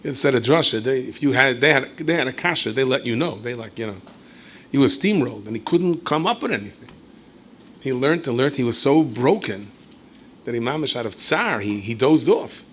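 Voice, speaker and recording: A rabbi delivers a Torah lecture as a string of stories, his voice bright and forceful at a middling pitch. He talks conversationally, correcting himself mid-sentence and tossing in asides. When he quotes someone he leaps up high and loud to act the line out. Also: a little fast, slight background noise. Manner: animated storyteller who leaps high and loud when acting out quoted speech.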